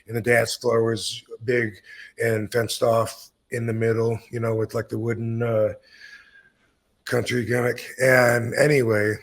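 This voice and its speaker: A man's voice: medium pitch, flat delivery, measured pace. A man in his fifties telling a long, rambling story in casual chat, swearing freely and laid-back. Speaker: podcast host telling stories.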